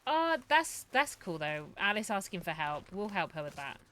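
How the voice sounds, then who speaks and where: Woman streamer, young, bright voice, swears a lot, jumpy gameplay commentary. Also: on the low side, moderate pace, a little hiss or hum. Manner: profane, excitable, talks to herself and chat.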